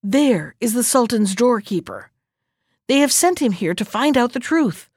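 A woman reading aloud voices a sly, quick-witted man who schemes in an urgent, raised tone. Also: on the high side, expressive, darkish tone, slightly rough, no room sound, clean studio sound, full character voice.

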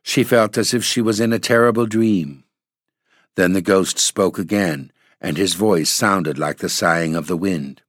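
A man narrating a classic storybook in a steady, measured way. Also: low-pitched, no echo, clean studio sound. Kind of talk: storybook reading.

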